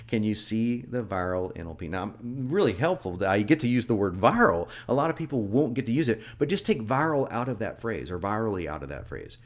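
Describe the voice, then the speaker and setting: Chuckling marketing coach, lowish voice. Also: male voice, normal speed. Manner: lively, self-critiquing, chuckles often. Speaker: marketing instructor. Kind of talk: teaching with his own sales script.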